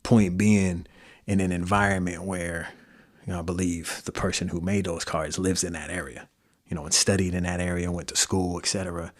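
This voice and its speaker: Midwestern male podcast host, very low voice, relaxed slangy monologue. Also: moderate pace. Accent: Midwestern American. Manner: loose, conversational, with slang and fillers. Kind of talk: casual solo podcast monologue.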